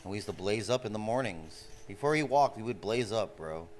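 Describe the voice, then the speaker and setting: This forty-something streamer has a fairly low voice and talks a little fast, telling stories with a loose, profane, lively manner and frequent "bro"s. Slight background noise is audible.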